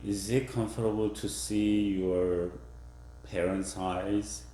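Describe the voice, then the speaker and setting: A male professor giving a classroom lecture, halting with fillers and restarts, acting out example phrases in different tones. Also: on the low side, level tone, warm tone, reverberant. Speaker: university professor.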